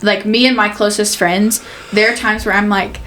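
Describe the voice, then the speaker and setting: A woman's voice: medium pitch, fairly even intonation, normal speed, slight background noise, rough recording. A young adult woman hosting a casual chat, speaking in an affirming way. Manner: affirming, frequent soft backchannels. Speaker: host.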